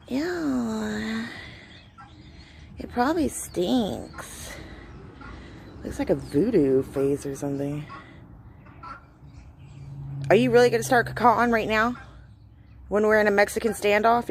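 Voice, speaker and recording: Brief: woman vlogger, sassy trash-talk, lively swooping pitch, slow drawl, phone mic outside with faint noise. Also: vocal fry. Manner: sassy, scolding, trash-talking. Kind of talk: casual phone-video commentary. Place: outdoors at home.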